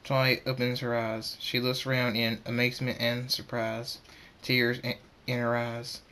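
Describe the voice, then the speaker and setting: A man reading an amateur fan story aloud in a middling voice. He reads in a halting way, with frequent stammers and restarts. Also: medium pitch, monotone, pushed and bright, a little hiss or hum. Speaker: narrator.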